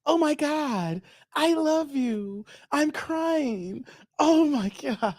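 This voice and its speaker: A man's voice: extremely high pitch, animated, drawn-out words, a little mellow, no echo, clean studio sound, pitched above the performer's own voice, heavily acted. A man putting on a gushing, syrupy young woman's voice to mock a guest during his live stream commentary.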